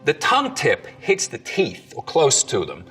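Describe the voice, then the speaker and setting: A man, a dialect coach, explaining accents in an educational video with clear, lively delivery. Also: mid-range voice, unhurried, distant mic, soft background music.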